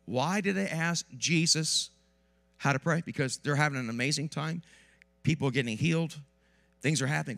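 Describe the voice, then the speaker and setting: Animated male pastor preaching with a cold. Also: fairly high pitch, moderate pace, creaky. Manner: lively and animated, with asides to the congregation. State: has a cold. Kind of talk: sermon. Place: church sanctuary.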